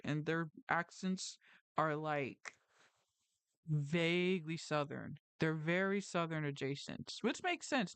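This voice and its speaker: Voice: mid-range voice, fairly bright tone, smooth, dry recording. A livestream host around thirty who talks casually in a round, mouthful, slightly mumbled way, wandering off on tangents and correcting themselves. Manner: tangent-prone, self-correcting, frequent "like" and "you know". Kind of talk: casual rambling chat. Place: lives in New Jersey.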